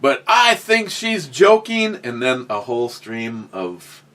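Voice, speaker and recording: A man's voice: mid-range voice, very animated, slow, bright, forceful tone. A man hosting a casual podcast, rambling through a story with many restarts and fillers, and reading out chat comments. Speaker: podcast host.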